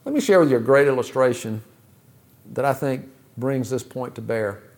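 A man preaching a sermon, asking rhetorical questions in a measured way. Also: medium pitch, darkish tone. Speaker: pastor.

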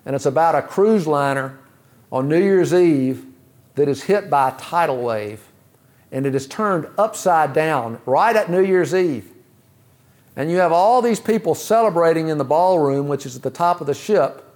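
Preacher, male, fairly high-pitched voice, measured delivery with rhetorical questions. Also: lively intonation, darkish tone. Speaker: pastor. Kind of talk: sermon.

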